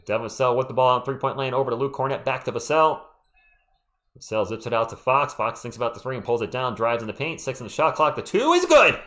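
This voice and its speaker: A man hosting a casual live play-by-play stream, calling plays and answering chat with an animated delivery while losing his voice. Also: mid-range voice. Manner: animated, quick play calls mixed with chat shout-outs.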